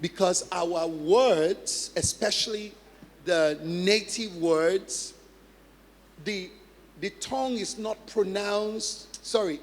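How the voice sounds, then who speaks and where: High-voiced male pastor in an echoing hall. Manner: conversational, laughs often, repeats for emphasis. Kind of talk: teaching sermon. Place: church hall. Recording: long church reverb, faint music.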